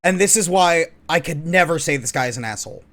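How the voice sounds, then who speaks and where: High, animated ranting man. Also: fast. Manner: ranting, sarcastic, profane. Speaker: online commentator. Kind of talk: opinionated reaction commentary.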